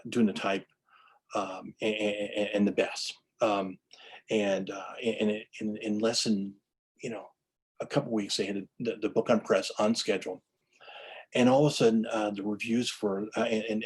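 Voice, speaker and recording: A man's voice: fairly low pitch, husky, low-quality recording. A man giving an enthusiastic lecture-style story about book history, full of restarts and stammers.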